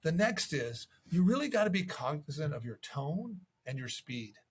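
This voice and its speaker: A man offers real estate agents casual, conversational video tips to camera, acting out sample voicemails. His fairly high voice is sing-song with a breathy edge, at a moderate pace.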